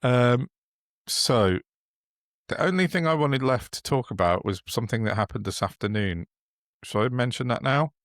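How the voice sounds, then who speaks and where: A man's voice: mid-range voice, animated, normal speed, fairly bright tone, no echo, clean studio sound. A man co-hosting a casual political podcast, sardonic and chuckling often. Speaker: podcast co-host.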